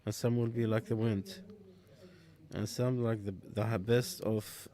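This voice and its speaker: Slow, halting man giving Quran commentary. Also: fairly low pitch, level tone, mellow. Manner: slow, halting, with pauses and restarts. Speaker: Quran interpreter. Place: mosque.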